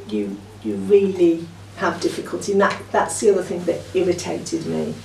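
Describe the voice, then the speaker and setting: A woman's voice: mid-range voice, dark tone. A woman born in Yorkshire chatting casually as a book reviewer, rambling with lots of ums and small laughs. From Yorkshire, England. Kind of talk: casual chat. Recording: echoey room, far from the mic, faint noise.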